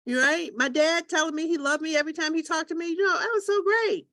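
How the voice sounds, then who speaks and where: A woman hosting a talk show, telling lively stories and acting out what other people say. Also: extremely high pitch, quick pace, dry recording, studio quality. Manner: lively storytelling, acts out voices of others. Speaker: host. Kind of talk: group talk show on listening.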